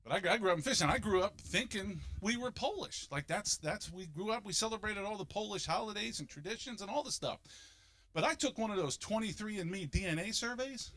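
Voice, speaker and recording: A stand-up comedian from Philadelphia in his fifties delivers his set in a high, brisk voice whose pitch swings widely. He sounds bright and forceful and stays animated, jumping into loud, exaggerated voices to land his punchlines.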